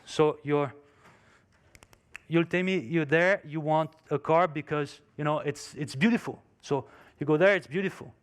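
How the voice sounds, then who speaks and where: Speaking unhurriedly in a slightly high voice, a man tells a story as part of an emphatic motivational talk at a conference. English is his second language, and his phrasing reflects that.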